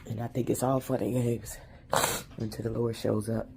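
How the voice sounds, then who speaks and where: Gravelly-voiced man venting about faith. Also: medium pitch, flat delivery, normal speed, background noise. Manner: reflective, repetitive, street-slang religious talk. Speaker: vlogger. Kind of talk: emotional spiritual venting monologue.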